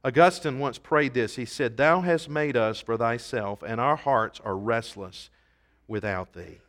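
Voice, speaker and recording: A man preaching a sermon to a church congregation, earnest and emphatic, swinging from soft passages to loud appeals. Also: medium pitch, unhurried. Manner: reads scripture in King James wording. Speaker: pastor. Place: church service.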